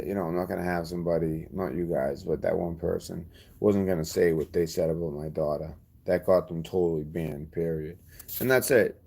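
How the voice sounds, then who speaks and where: A man talks to his channel's viewers in a very deep voice with a gravelly edge. He rambles, going off on side tracks, and speaks his mind bluntly and defiantly. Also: a little mellow. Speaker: channel host. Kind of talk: casual vlog talk to subscribers.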